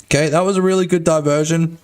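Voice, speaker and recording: A young man live-streaming, chatting crudely and loosely to his viewers with a slightly high voice. He rambles, swears freely and tacks "you know what I'm saying" onto his jokes, speaking into a desk mic. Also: fairly even intonation, quick pace, slight background noise. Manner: crude, rambling and jokey, with lots of filler tags. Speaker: streamer and indie game developer. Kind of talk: casual live-stream chat.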